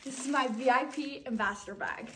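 A woman's voice: high voice, brisk, a bit bright, a little hiss or hum. A woman unboxing a package in casual chat, gasping and gushing with delight at each item. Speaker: brand ambassador unboxing a package.

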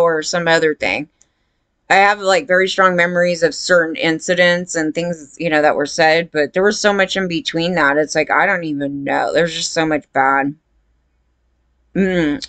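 A woman's voice: deep voice, a bit bright, no room sound. A woman talking to her viewers in a rambling, indignant casual monologue, full of fillers. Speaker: vlogger.

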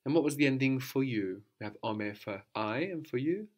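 A man's voice: medium pitch, lively intonation, normal speed. A man teaching a spoken language lesson, patiently explaining and quizzing his student, then repeating the answers.

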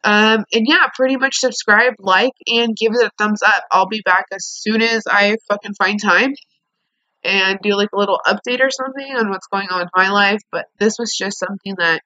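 A woman's voice: mid-range voice, moderate pace, bright, forceful tone, dry recording, dull audio. A young woman venting angrily in a storytime vlog, swearing a lot as she talks to the camera. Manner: angry venting, heavy swearing. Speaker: vlogger.

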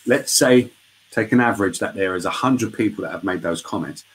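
A very deep-voiced man guests on a casual live interview over a video call. He is chatty and tells lively stories. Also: a little fast, a little hiss or hum, rough recording.

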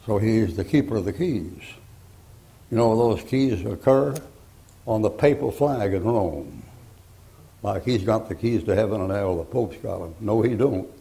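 A man's voice: on the low side, a little slow, vocal fry, mellow. An older man preaching a folksy, joking sermon, rambling through homespun stories.

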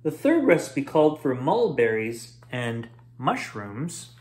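A man hosting a bedtime story show, reading a children's book aloud expressively. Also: mid-range voice. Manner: expressive, drawn-out read-aloud.

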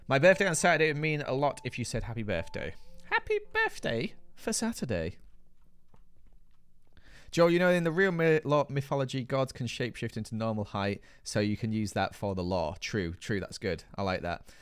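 A man's voice: medium pitch, expressive, brisk, clear, resonant tone. A British man hosting a live gaming stream, chatting playfully and reading viewer comments aloud. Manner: chatty, playful, jokey banter with chat.

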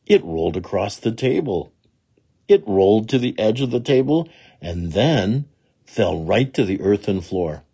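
A man reads a children's picture book aloud, slow and expressive. His voice is husky and mellow, rising and falling widely. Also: on the low side. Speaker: storybook reader.

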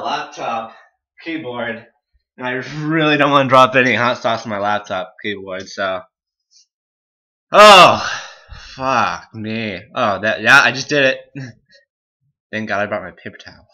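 A man's voice: moderate pace, bright, forceful tone, muffled recording. A young man vlogging a hot sauce challenge, swearing, groaning and laughing while in pain and teary. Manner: muttering low asides. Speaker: YouTuber. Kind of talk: casual vlog.

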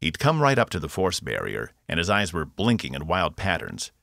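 A man narrating his own science fiction audiobook, expressive and voicing every character. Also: sits low, normal speed, creaky, dry recording, clean studio sound. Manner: expressive, voices all characters. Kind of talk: scripted narration.

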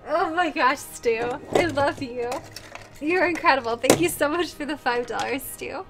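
A woman's voice: sits high, moderate pace, music in the background. A young woman streaming live, tearful and crying as she gushes thanks to her viewers. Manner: gushing, effusive thanks.

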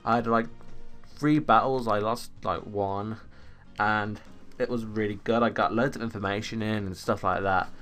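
A man's voice: fairly low pitch, steady tone, normal speed, a bit bright, faint music behind. A teenage boy, rambling through casual stories while commenting on an online game at home on a desktop USB mic. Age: teens. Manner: rambling, chatty storytelling. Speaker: gaming YouTuber. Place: home room. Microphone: USB desktop microphone.

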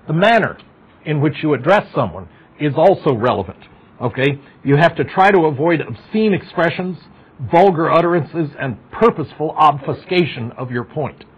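A man's voice: on the high side, lively intonation, normal speed, breathy edge. A middle-aged man giving a university psychology lecture, talking conversationally, asking the class questions and making wry asides. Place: lecture hall. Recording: dull lo-fi lecture recording.

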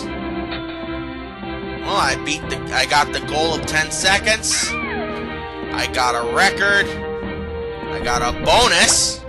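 A man hosting a video game let's play, commenting sarcastically and reading the characters' lines in silly voices. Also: fairly high pitch. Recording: game music playing behind.

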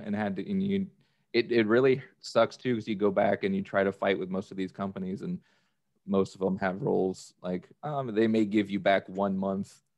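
A man in casual podcast chat, agreeing and explaining in a halting way. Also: fairly low pitch, no echo.

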